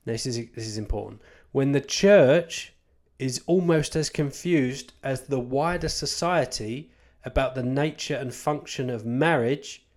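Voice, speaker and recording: Speaking about church life in an informal talk, a male Christian author uses a mid-range, somewhat mellow voice. He's rambling and frank, with self-deprecating asides and points hammered home through repetition.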